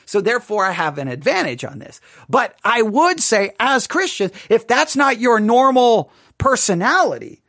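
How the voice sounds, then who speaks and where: A Bible teacher giving a dramatic, animated study lesson, acting out people's reactions and dropping to a hush when reading scripture. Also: mid-range voice, normal speed, few pauses, no room sound, studio quality.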